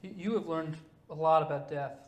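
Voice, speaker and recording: A man's voice: fairly high pitch, normal speed. A male interviewer who asks brief, direct questions. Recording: roomy echo with faint background hum.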